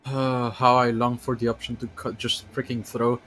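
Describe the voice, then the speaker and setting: A man's voice: mid-range voice, level tone, moderate pace, a bit bright. Rambling male game streamer. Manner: rambling, full of fillers and restarts. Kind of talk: casual gaming commentary.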